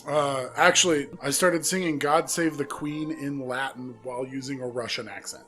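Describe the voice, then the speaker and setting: A podcast co-host improvising an absurd comic story in casual chat, deadpan and chuckling at their own jokes. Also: medium pitch, normal speed, soft background music.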